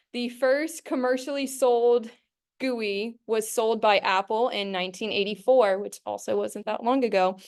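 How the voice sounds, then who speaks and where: A woman's voice: fairly high pitch, smooth. A young woman student giving a casual classroom workshop presentation, chatty and full of fillers. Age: young adult.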